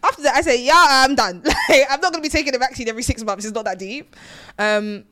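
A woman's voice: sits high, quick pace, sharp tone. A woman with a Nigerian accent, co-hosting a casual chat and talking emphatically, with firm opinions.

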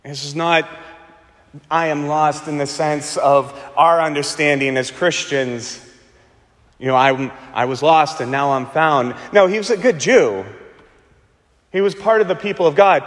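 A man preaching a sermon as pastor, slowing and repeating words for emphasis, with dramatic pauses. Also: fairly high pitch, fairly bright tone, big-room sound.

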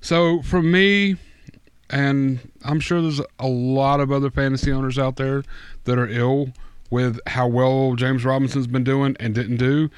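A man's voice: medium pitch, fairly even intonation, unhurried, smooth, no echo. A man co-hosting a casual sports podcast, rambling in an exasperated, profane way. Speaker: podcast co-host. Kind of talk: casual fantasy football chat.

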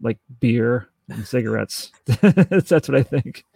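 A man co-hosting a podcast in casual chat, acting out scenes in quick little voices. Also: mid-range voice, animated, creaky, dark tone, breathy edge, no room sound, clean studio sound. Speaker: podcast co-host.

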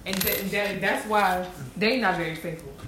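A woman's voice: mid-range voice, moderate pace. A woman in casual conversation, talking emphatically and often repeating her words for stress. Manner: animated, emphatic, repeats herself. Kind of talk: casual chat about zodiac signs. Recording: echoey room with clear background noise.

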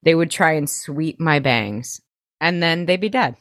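A young woman co-hosting a podcast, chatting animatedly as she recaps a TV episode with quick asides. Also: low voice, lively intonation, fairly bright tone, no echo, studio quality. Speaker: podcast co-host. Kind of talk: casual chat recapping a TV show.

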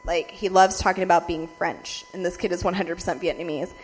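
A young woman telling a story to her viewers. She talks fast with constant "like" fillers, heavy swearing and frequent laughs, and her voice jumps in pitch and loudness as she rants. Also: slight background noise. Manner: animated swings in loudness and pitch when ranting. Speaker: vlogger.

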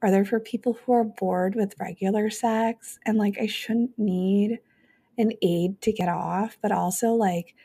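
A woman co-hosting a podcast in casual chat, animated and joking, with frequent swearing. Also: mid-range voice, a little slow, slightly rough. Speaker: podcast co-host.

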